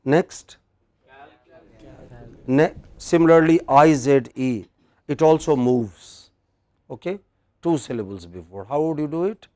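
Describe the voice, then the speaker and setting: A man's voice: fairly high pitch, slow pace, pauses often, darkish tone, no room sound. A man with an Indian English accent teaching English word stress in a classroom lecture, quizzing his students.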